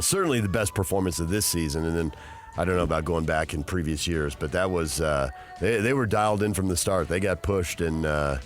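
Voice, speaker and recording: Lower-voiced male radio host, steady and informative, with segment and sponsor reads. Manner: measured, informative. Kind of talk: sports radio hosting and reads.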